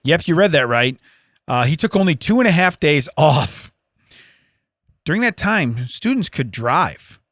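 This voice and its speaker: Very animated, often-laughing man co-host. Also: on the high side, unhurried, no room sound, clean studio sound. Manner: laughs often, animated, riffs and reads news items aloud. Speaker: podcast co-host. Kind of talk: casual comedic chat.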